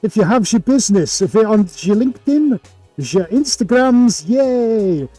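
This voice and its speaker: A man's voice: high-pitched, animated, measured pace, mellow, dry recording, soft background music, pitched above the performer's own voice. A man putting on a playful mock Swedish accent, mangling his words in a bouncy sing-song way. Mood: silly. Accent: put-on mock Swedish.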